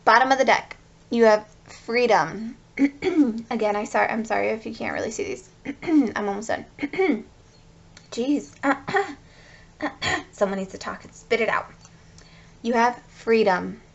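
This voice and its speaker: A woman with a fairly high voice gives a tarot reading to her viewers. She gushes over each card and talks to them directly. The sound is a little dull and lo-fi. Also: creaky. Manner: effusive, gushing, talks straight to viewers. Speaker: tarot reader.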